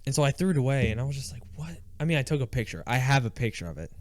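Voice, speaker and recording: A young man co-hosting a podcast tells stories in casual chat, acting out what people said like an animated storyteller. His medium-pitched voice comes fast and rapid-fire, with no room sound.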